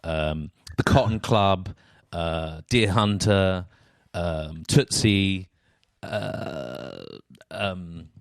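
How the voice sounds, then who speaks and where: A man's voice: sits low, extremely slow, vocal fry, no room sound, clean studio sound. A man hosting an interview, thinking aloud with many fillers and restarts as he asks his questions. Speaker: podcast host. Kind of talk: casual interview chat.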